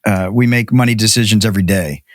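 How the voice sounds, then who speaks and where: A male podcast host asking measured, probing interview questions. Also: on the low side, dry recording, studio quality.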